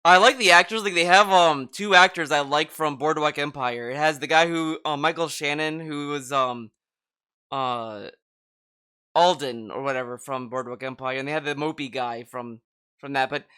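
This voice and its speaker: Bright, smooth-voiced man chatting casually. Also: on the high side, normal speed. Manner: rambling, filler-heavy, frequent restarts. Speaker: podcast co-host. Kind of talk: casual chat.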